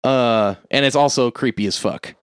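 Speaking at a normal, smooth pace in an ordinary middle pitch, a man casually retells a horror movie, rambling and swearing as he acts out short character lines. The recording is dry and close, with no room sound.

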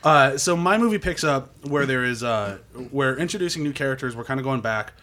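A man recapping a film in casual chat, animated and swearing, acting out quotes in goofy voices. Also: medium pitch, fairly quick.

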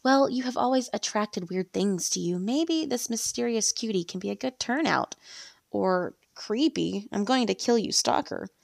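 A woman's voice: mid-range voice, animated, moderate pace, creaky, dry recording, clean studio sound. Woman doing a gushing young best friend. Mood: excited.

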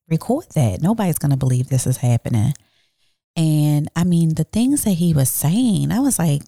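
Gravelly low-voiced woman podcast host. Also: dry recording, studio quality. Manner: blunt and animated, swears freely; speaks directly to listeners. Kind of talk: casual storytelling monologue.

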